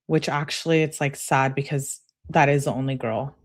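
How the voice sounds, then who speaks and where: Woman, low voice, casual, reads text messages aloud, chatty slangy asides. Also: steady tone, normal speed, hardly any pauses. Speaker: true crime commentator.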